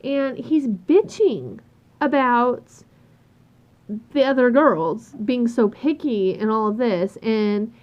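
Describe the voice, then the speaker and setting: A woman with a fairly high, darkish voice speaks slowly, telling a work story as a casual, exasperated rant. She swears freely and acts out what people said. The lo-fi recording sounds dull.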